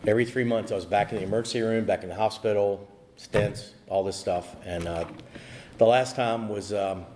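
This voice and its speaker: A man's voice: on the low side, steady tone, normal speed, a little mellow, a little hiss or hum. A man telling his recovery story at a meeting, rambling with many fillers and restarts. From USA. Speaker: AA speaker. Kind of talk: personal recovery talk.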